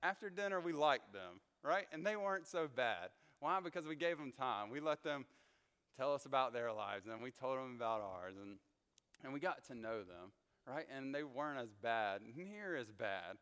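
A man leads a casual Bible study in a church hall, chatting through his stories with lots of little fillers. His voice is smooth and clear. A long reverb trails behind his words. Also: mid-range voice, normal speed. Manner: chatty, animated storyteller with frequent fillers.

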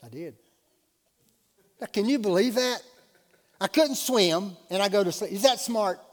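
A man preaching a sermon as pastor, telling a personal story and then building to loud, emphatic exhortation. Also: high-pitched, lively intonation, unhurried, long reverb tail.

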